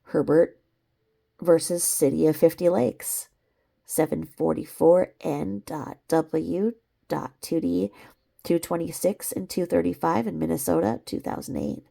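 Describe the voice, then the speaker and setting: A woman's voice: low-pitched, steady tone, unhurried, creaky, mellow. A woman reading a court filing aloud, breaking off now and then for sarcastic asides. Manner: reads legal citations, breaks off with sarcastic asides and laughs.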